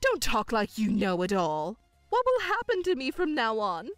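A woman's voice: a little high, huge pitch swings, moderate pace, a bit bright, dry recording, faint music behind, pitched below the performer's own voice. A woman voicing a self-pitying, controlling middle-aged mother who whines and stammers in outbursts, in a dramatized story. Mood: indignant.

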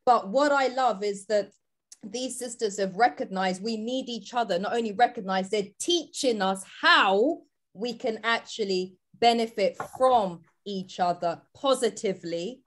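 A woman's voice: medium pitch, measured pace. A woman on a live video call panel, speaking earnestly and articulately in praise of the guests. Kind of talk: heartfelt live discussion.

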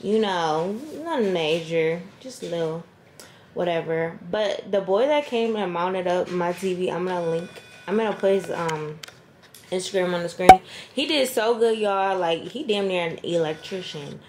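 Woman vlogger rambling into her phone in her bedroom, low-ish voice, lots of slang and cussing, echoey room. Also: moderate pace. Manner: chatty, slangy and swears freely. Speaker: lifestyle vlogger. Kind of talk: casual chatty vlog talk. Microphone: handheld phone camera. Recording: echoey room with faint background noise.

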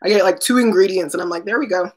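A woman's voice: medium pitch, fast talker. A woman chats casually on a live stream, unboxing products and calling out to viewers by name. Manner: chatty, talks to viewers by name, laughs often. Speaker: unboxing vlogger.

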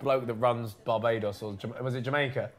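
A man chatting casually in a group, excitable and sweary. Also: medium pitch, a little fast.

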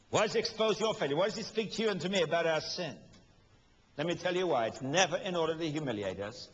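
A man preaching a sermon with emphasis, asking rhetorical questions and acting out quotes with humor. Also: on the high side. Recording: dull lo-fi recording with long hall reverb.

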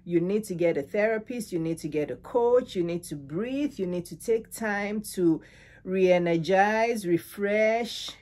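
A woman's voice: mid-range voice, unhurried, darkish tone. A middle-aged woman relationship coach giving frank advice straight to the camera. She laughs often mid-sentence and drives her points home with repeated lists. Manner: repeats and stresses words in lists. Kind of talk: direct-to-camera advice talk.

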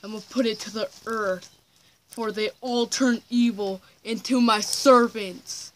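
A woman doing a bullying old grandpa villain from a home-made game role-play who gloats, threatens and cackles. The voice sits a bit high and the talk comes slowly and drawn out. A faint hiss lies under it. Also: fairly even intonation, lightly acted. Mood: gloating.

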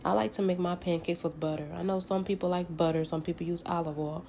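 Standing at the stove in her home kitchen, a low-voiced home cook from the Southern United States chats through a casual cooking tutorial. She talks fast in a mellow, fairly even tone, folksy and chatty, calling viewers honey and baby, with a little hiss or hum in the background.

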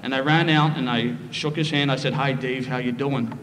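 A middle-aged man with a Philadelphia accent, telling a lively, humorous story of his past at a recovery meeting. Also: mid-range voice, moderate pace. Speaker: speaker sharing his story. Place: meeting hall. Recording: roomy hall, faint noise.

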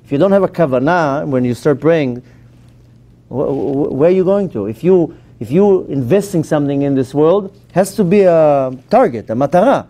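Animated rabbi, mellow higher voice. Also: male voice, moderate pace. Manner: emphatic, animated teaching with questions to the audience. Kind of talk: Torah class to a live audience.

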